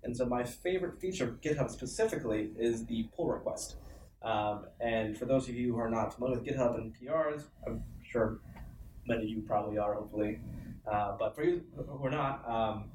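A man co-hosting a casual tech chat, explaining things in a relaxed way. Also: mid-range voice, fairly quick. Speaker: co-host. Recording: roomy, distant mic, faint background hum.

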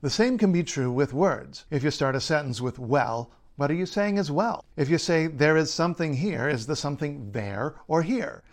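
A man, a linguist, reading a scripted explainer in a measured, playful way. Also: on the high side, animated. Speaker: linguist and writer.

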